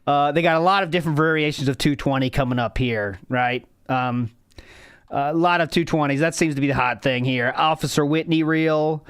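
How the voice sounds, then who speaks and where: A middle-aged man hosting a casual livestream, telling stories with loud exclamations and frequent laughter. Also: on the high side, normal speed, clean tone, no echo, studio quality. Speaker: streamer host.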